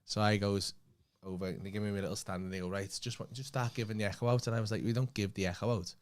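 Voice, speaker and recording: A man with a Liverpool accent, a comedian co-hosting a podcast, telling a story in an animated way, swearing freely and acting out what other people said. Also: fairly low pitch, quick pace. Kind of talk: casual anecdote telling.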